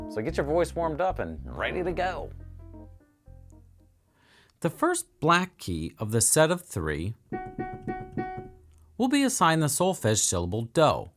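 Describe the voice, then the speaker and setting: Male piano teacher, kids lesson, lively sing-song voice, slow deliberate delivery, soft music behind. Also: on the high side. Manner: upbeat, encouraging, counts and sings along.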